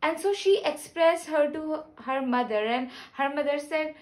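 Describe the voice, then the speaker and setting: A woman talking casually to camera in an earnest, rambling, gentle way, with many restarts. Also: high-pitched, moderate pace, low-quality recording. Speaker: spiritual vlogger. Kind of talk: casual personal talk to camera.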